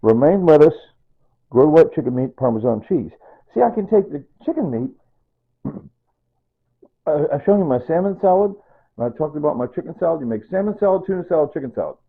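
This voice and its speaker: A man's voice: on the high side, big pitch swings, fairly quick, long pauses, breathy edge, narrow, tinny audio. A man chatting loosely while cooking in his home kitchen, rambling and repeating himself as he explains each step. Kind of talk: unscripted cooking video chat.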